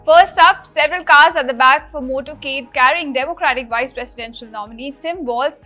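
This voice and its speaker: A woman news anchor reading scripted news stories in a brisk, emphatic delivery. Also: high-pitched, bright, forceful tone, faint music behind.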